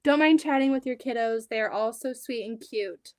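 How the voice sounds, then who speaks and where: Woman, 30s, quilting livestream host, slightly high, dry close sound, chatty. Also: normal speed, a little mellow, no room sound. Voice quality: chatty, rambling, reads out viewer comments. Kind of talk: casual chat on a live stream. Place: home sewing room.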